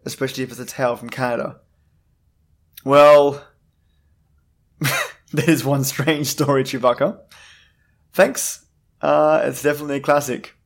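A man hosting a scary story show, reading out listener-submitted tales with wry asides between them. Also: medium pitch. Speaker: host of a scary story channel. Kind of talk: scripted narration of listener stories.

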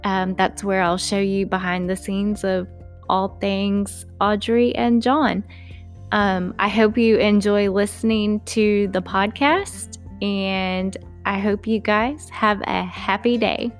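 A woman's voice: mid-range voice, fairly even intonation, slow pace. Woman reading her own book podcast, chatty and friendly, faint music under it. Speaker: author and narrator. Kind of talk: storybook narration.

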